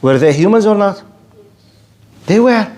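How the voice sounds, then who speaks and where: A man lectures in English on religion, his voice sitting a little high for a man. He argues with lively rhetoric, firing questions and answering imagined objectors himself. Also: a little slow. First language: Arabic. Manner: animated, rhetorical, mock-debates imagined objectors. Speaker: Islamic lecturer.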